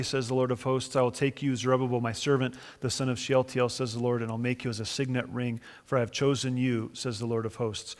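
In a big-sounding room, a pastor with a medium-pitched voice gives an enthusiastic, conversational sermon. He reads scripture aloud, explains it, and performs the quoted voices dramatically.

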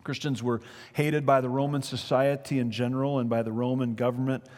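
A male preacher tells a story in an animated way, often turning to speak directly to his listeners. His voice sits at a middle pitch. A long reverb hangs behind him, as in a large hall. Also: brisk. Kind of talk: sermon storytelling.

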